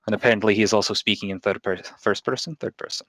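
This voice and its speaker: A man's voice: on the low side, steady tone, quick pace, few pauses, a bit bright, no echo, rough recording. A man running a tabletop game as game master, narrating loosely and jokingly. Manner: loose, joking, rambling with fillers.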